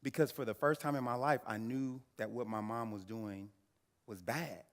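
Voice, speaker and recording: A man's voice: medium pitch, steady tone. Earnest man speaking in a reverberant hall. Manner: earnest storytelling with slow, emphatic phrasing. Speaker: attorney and guest speaker. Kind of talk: personal story speech.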